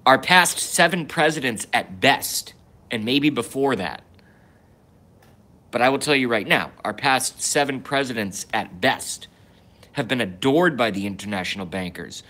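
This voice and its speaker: A young man holds forth alone on a livestream in a rambling rant. His voice is bright and slightly sharp at an ordinary middle pitch. He stops and restarts his sentences constantly and breaks off to read viewer comments aloud. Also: lively intonation, a little slow. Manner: rambling, stop-start with many restarts and asides; reads viewer comments aloud and answers them. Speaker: livestream host.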